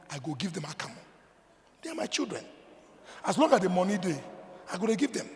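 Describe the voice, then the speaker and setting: A Nigerian man preaches from the pulpit in a high voice. He hammers points loudly and then falls to quiet, low asides. A long reverb from the hall trails his words. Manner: emphatic preaching, swinging between loud declarations and low asides. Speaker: pastor. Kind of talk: sermon.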